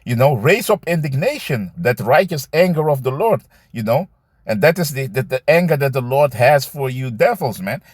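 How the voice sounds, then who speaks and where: A man teaching scripture in a loose, conversational way, reading verses slowly and commenting, often adding "man" and "you see". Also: mid-range voice, animated, slightly rough, no room sound, clean studio sound. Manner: reads verses aloud slowly, then comments.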